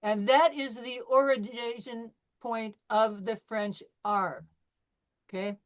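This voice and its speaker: A woman's voice: fairly high pitch, fairly even intonation, takes it slowly. A woman teaching French in a class lecture, explaining patiently and often checking in with "okay?". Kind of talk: online language class lecture.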